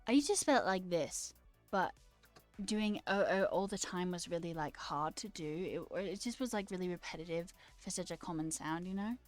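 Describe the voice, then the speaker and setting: A woman's voice: lowish voice, expressive, normal speed, faint music behind. Playful woman chatting on a live stream. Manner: playful, rambling, chatty, answers chat out loud. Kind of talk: casual live-stream chat with viewers.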